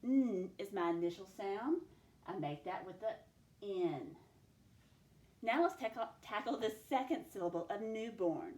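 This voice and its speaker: A woman teacher giving a recorded classroom lesson, speaking slowly and clearly as she models each word sound. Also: medium pitch, expressive, warm tone, reverberant. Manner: slow, clear phonics modelling, stretching out sounds.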